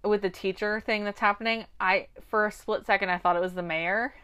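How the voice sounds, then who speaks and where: A woman's voice: mid-range voice, brisk, clean tone. A young woman co-hosting a podcast, chatting casually and acting out characters' lines as she recaps a TV show. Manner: animated, acts out characters' lines. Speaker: podcast co-host.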